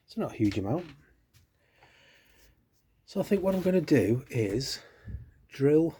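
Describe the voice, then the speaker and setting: Low husky man in his workshop. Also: dark tone. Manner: chatty, self-deprecating, thinking aloud while working. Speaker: guitar-building vlogger. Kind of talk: casual workshop narration.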